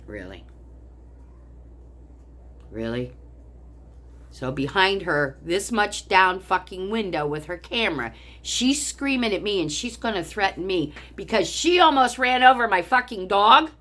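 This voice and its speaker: A woman's voice: mid-range voice, animated, moderate pace, few pauses, a bit bright. An older woman vlogger telling a story angrily, in a heated, profane rant. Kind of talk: angry personal storytelling.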